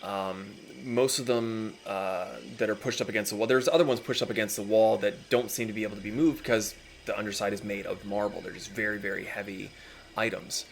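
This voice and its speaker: A man's voice: on the low side, fairly even intonation, fairly quick, slight background noise. A man narrating a tabletop game as dungeon master, describing scenes at an easy pace with many fillers.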